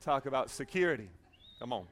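A man's voice: medium pitch, lively intonation, brisk, a bit bright. A male pastor preaching a sermon in an emphatic, conversational way, often repeating phrases.

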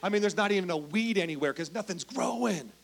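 A man preaching a sermon, telling Bible stories with animated emphasis and dropping to a hush, speaking directly to the congregation. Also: high-pitched, fast, creaky. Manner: animated storytelling, swings from loud emphasis to hushed. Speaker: pastor.

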